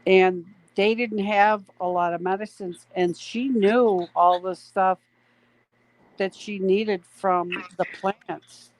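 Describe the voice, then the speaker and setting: Her voice has a medium pitch with fairly even intonation, captured on a rough recording. She's a Canadian stream co-host on a casual late-night livestream, chatting lazily and reading the chat aloud.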